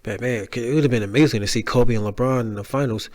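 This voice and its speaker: A man's voice: mid-range voice, quick pace, darkish tone. Rambling casual man hosting a podcast. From Dallas area. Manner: rambling, heartfelt, with restarts and slang. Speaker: podcast host. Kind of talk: casual solo podcast talk.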